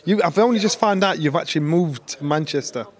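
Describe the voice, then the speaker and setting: A man chats about boxing with blunt confidence and a teasing streak. His voice sits slightly high, and he gets animated as he makes his point. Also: fairly quick. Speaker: boxing pundit. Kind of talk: casual chat.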